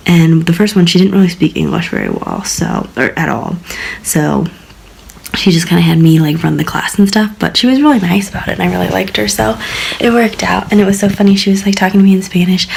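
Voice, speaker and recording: A young woman in her twenties talks through her week in a casual vlog, bubbly and full of stories. Her voice sits a little low, with a husky grain and plenty of vocal fry. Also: a little mellow, low-quality recording. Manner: chatty, bubbly storytelling, drops into whispers. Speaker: vlogger, language assistant teacher.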